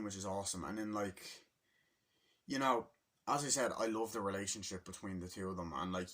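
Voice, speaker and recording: A man's voice: low voice, a bit bright. A man casually reviewing a movie on video, rambling, swearing and losing his train of thought.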